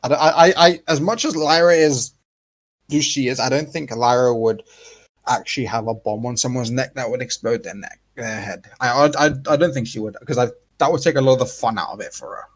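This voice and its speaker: A man co-hosting a laid-back podcast, talking in a loose, rambling way with lots of false starts and the odd swear word. His voice sits at an ordinary middle pitch and he gets animated as he goes. It's plain, unforced chat. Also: brisk. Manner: rambling, animated, swears freely, frequent restarts. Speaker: podcast co-host. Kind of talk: casual chat.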